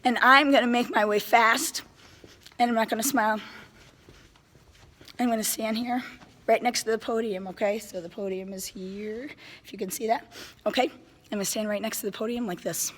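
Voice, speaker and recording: A woman band director explaining classroom routines to other teachers in an animated way, often checking in with "right?" She says she is a little sick. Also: on the high side, normal speed, pauses often. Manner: animated, enthusiastic, keeps checking in with "right?" and "okay?". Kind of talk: casual how-to lesson to camera. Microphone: handheld phone.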